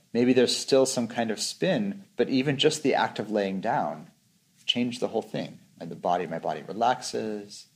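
A man's voice: lowish voice, a little mellow. A man giving an informal meditation talk as a teacher, speaking reflectively and often acting out his own inner voice.

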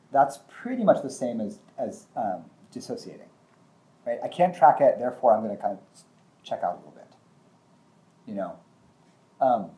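A man's voice: medium pitch, warm tone. A man giving a casual teaching talk, thinking aloud with frequent restarts and acting out short examples.

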